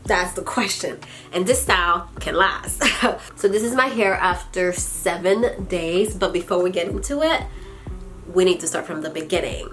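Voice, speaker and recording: A woman's voice: on the low side, animated, normal speed, a bit bright, soft background music. Congested woman chatting about her hair. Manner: playful, sassy asides to viewers. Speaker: hair vlogger. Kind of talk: casual chatty hair tutorial.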